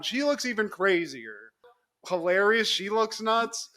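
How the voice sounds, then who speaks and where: A man co-hosting a podcast, casually recapping a TV episode, animated and acting out the characters' lines with frequent laughs. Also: high voice, measured pace. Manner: animated storyteller, acts out lines, laughs often. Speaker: podcast co-host.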